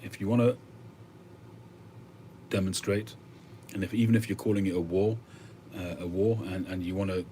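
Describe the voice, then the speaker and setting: A man's voice: low-pitched, steady tone, moderate pace, pauses often, warm tone, slight background noise. A man hosting a livestream, chatting casually and musing aloud with frequent hesitations as he answers viewer comments. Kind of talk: casual chat.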